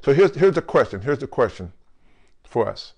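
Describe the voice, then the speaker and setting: Guy pastor preaching, medium pitch, keeps going "right? come on" at the crowd, drags out the bible words slow. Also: big pitch swings, darkish tone, husky. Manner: calls out to the congregation with questions like "right?" and "come on"; slows and stresses key words when quoting scripture. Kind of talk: sermon.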